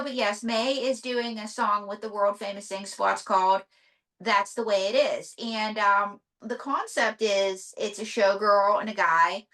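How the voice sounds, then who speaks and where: A woman, a ventriloquist, talking casually as an interview guest with animated storytelling. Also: mid-range voice.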